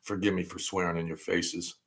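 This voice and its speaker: A middle-aged man with a gravelly voice, ranting angrily and profanely in a rambling political monologue. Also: low-pitched, level tone, a little fast. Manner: angry, profane, rambling rant with sudden loud outbursts. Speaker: political commentary vlogger.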